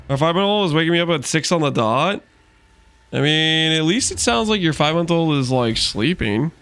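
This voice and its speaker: A man's voice: on the high side, lively intonation, fairly quick, fairly bright tone, clean tone. A man streaming a video game, chatting casually and rambling with lots of fillers while joking with his chat.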